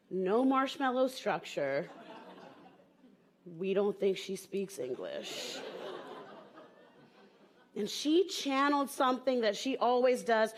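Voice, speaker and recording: High-voiced woman telling stories on stage. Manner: chatty and playful, with frequent "like" fillers. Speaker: improv comedian. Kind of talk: improvised comic storytelling on stage.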